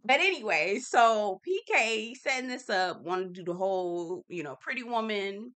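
A woman's voice: mid-range voice, lively intonation, moderate pace, a bit bright. A woman hosting a casual TV recap vlog, sassy and slangy, talking straight to her viewers. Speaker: TV recap host.

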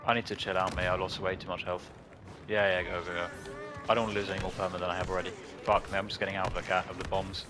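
Low-voiced gamer swearing over chat. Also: male voice, flat delivery, racing, background noise. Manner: terse callouts, frequent swearing. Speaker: gamer calling plays to teammates. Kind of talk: live game voice chat. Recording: game music playing behind.

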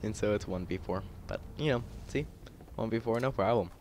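A teenage boy talks over his gameplay in a loose, rambling way, with constant fillers and restarts. His voice sits a little low and he keeps slipping into heated rants. A faint hiss sits under the recording. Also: a little fast, darkish tone. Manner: rambling, filler-heavy, frustrated ranting. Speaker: gaming YouTuber. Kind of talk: casual gameplay commentary.

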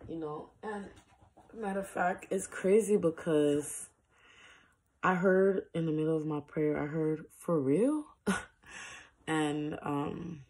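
Woman, low husky voice, slow delivery; casual spiritual talk from her bedroom, soft-spoken, full of fillers. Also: fairly even intonation. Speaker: online prayer minister. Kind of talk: casual spiritual message to camera.

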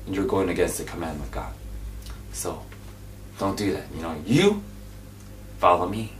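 A man preaching an informal sermon, repeating his points and exhorting his listeners, swinging between loud emphatic bursts and hushed whispers. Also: low voice, moderate pace, slight background noise. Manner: repetitive, exhorting, drops into asides. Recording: echoey room, voice from a distance.

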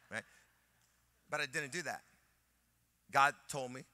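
A male pastor preaching a sermon in an animated way, telling a personal story and acting out the dialogue. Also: a little high, moderate pace, pauses often, no echo.

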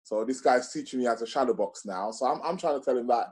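A man's voice: mid-range voice, fast talker, darkish tone. A man, a guest telling a casual story, rambling with many fillers and restarts.

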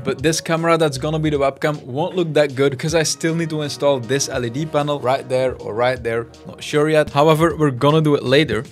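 A young man chats enthusiastically through a desk setup on a studio microphone, his voice sitting a little high. Soft music plays faintly underneath. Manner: enthusiastic, chatty, explains while handling gear. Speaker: tech YouTuber. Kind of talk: casual gear review.

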